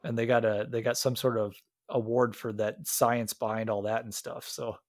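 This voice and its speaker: A man's voice: mid-range voice, little pitch movement, moderate pace, no room sound, clean studio sound. A man from Iowa co-hosting a podcast, chatting casually about a movie with many fillers and restarts. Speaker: podcast co-host.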